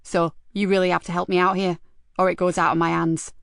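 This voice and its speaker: A woman narrator voicing a gruff, loyal male police superintendent who speaks bluntly and firmly. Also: on the low side, level tone, a little fast, fairly bright tone, no echo, studio quality. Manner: blunt, firm.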